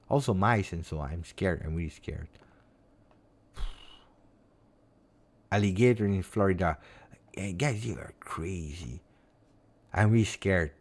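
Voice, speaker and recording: A man's voice: low-pitched, darkish tone. A man with an Italian accent who hosts a football channel, chatting casually and rambling expressively on a live stream with lots of fillers.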